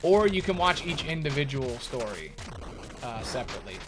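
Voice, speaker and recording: Against a noisy background of loud video game music, a man with a mid-range voice and big pitch swings chats casually with his stream's viewers at a moderate pace. His talk rambles, with many restarts as he addresses chat while gaming.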